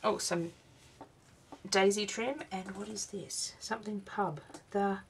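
A woman's voice: mid-range voice, fairly even intonation, takes it slowly, slight background noise. A woman, tired and yawning, chatting through a craft unboxing vlog and exclaiming over each little item. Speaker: craft vlogger.

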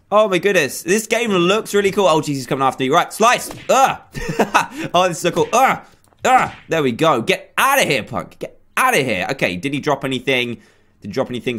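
A young man commentating a zombie survival game with lively, bouncing pitch that sits a little high for a man. He chatters along, then yelps and shouts at the enemies that chase him. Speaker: gaming YouTuber. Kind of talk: excitable gameplay commentary.

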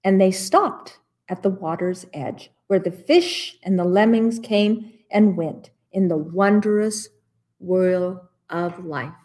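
Woman librarian, story-time read-aloud, slow and expressive. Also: mid-range voice. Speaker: children's librarian. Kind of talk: children's story time reading.

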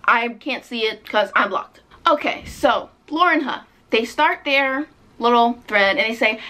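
A woman's voice: a little high, sharp tone. Sarcastic swearing young woman ranting. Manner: exasperated, sarcastic, swears freely. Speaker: book vlogger. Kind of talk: ranting vlog commentary.

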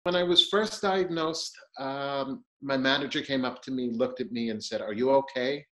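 A middle-aged man giving a personal testimonial, animated as he acts out the conversations he had. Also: medium pitch, normal speed, rough recording. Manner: animated storyteller, acting out dialogue. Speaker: diabetes patient sharing his story.

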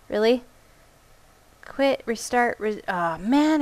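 A woman's voice: fairly high pitch, lively intonation, a little slow, pauses often, darkish tone. A woman giving let's play commentary as she plays, reacting aloud, exclaiming and muttering to herself. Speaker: gamer.

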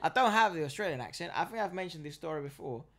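A man's voice: on the high side, expressive, fast, pushed and bright. A man co-hosting a reaction video, chatting casually and bantering with jokes. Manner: joking, bantering, laughs often. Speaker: co-host of a reaction channel. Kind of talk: casual chat.

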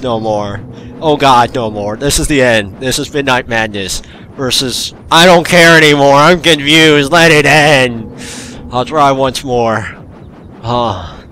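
A man ranting through an uncut gameplay session, sounding endlessly exasperated with the game. His delivery is slow and unhurried, with a faint noise sitting under the voice. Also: mid-range voice, a bit bright. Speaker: gaming channel host.

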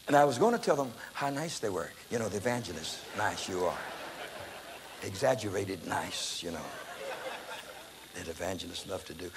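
A man, an evangelist preacher, telling a testimony in a sermon as an animated storyteller who acts out voices and shouts. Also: fairly high pitch, long reverb tail, a little hiss or hum. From United States.

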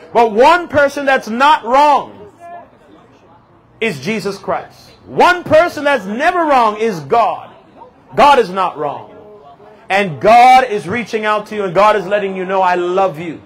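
Street preacher, male, high-pitched, fervent and rhythmic, handheld mic outdoors. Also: poor audio. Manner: impassioned, repetitive, rhythmic emphasis. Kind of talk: open-air street preaching. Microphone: handheld microphone.

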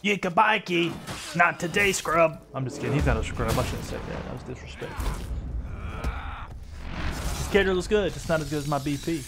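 A man's voice: medium pitch, lively intonation, fairly quick, long pauses, over music. A man giving casual gameplay commentary as a streamer, joking and teasing his opponents. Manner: playful, teasing trash talk.

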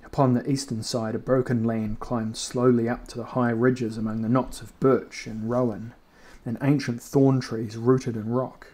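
A man reading a fantasy novel aloud in a measured, even narration. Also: medium pitch. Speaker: reader. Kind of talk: audiobook narration.

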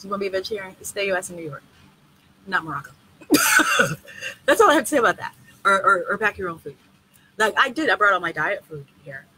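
A woman who organizes tours, answering questions in a casual live video with a blunt, profane, animated way of talking. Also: on the low side, slight background noise, rough recording. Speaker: tour organizer and host.

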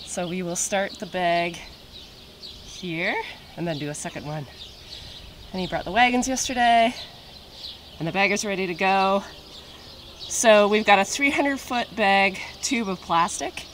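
A woman's voice: mid-range voice, unhurried, pauses often. A woman farmer chatting casually to a handheld camera outdoors while doing chores on her farm. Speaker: farmer and vlogger. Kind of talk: casual vlog chat to camera. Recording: clear outdoor farm noise.

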